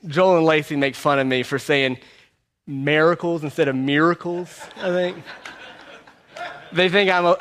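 A man's voice: on the high side, a bit bright, a little hiss or hum. A man preaching a sermon in a conversational way, repeating his key phrases. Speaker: pastor. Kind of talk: sermon teaching through a book.

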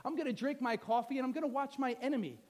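A man's voice: very high voice, fast talker, a little mellow. A man voicing a proud, smug royal official who gloats about watching his enemy. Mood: gloating.

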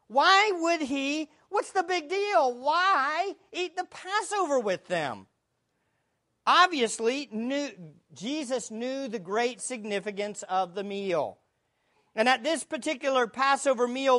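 A woman's voice: high-pitched, a bit bright. A woman preaching a sermon, teaching from the Bible in an earnest, emphatic way and asking rhetorical questions.

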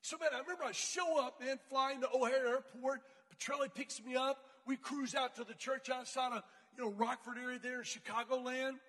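A man preaching to a crowd of students, telling slangy, animated stories from his youth. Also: very high voice, big-room sound. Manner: casual, slangy, animated storytelling. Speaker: youth speaker. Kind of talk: storytelling sermon.

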